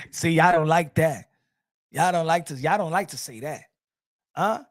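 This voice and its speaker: Speaking unhurriedly with frequent pauses, a man with a fairly high voice hosts a boxing talk show. His commentary is a casual, heated rant, repetitive and full of profanity.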